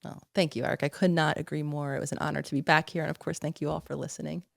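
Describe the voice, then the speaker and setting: A woman's voice: low voice, little pitch movement, rapid-fire, creaky. A woman who is a psychologist, speaking as a podcast guest in an earnest, storytelling way and laughing easily. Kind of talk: casual interview chat.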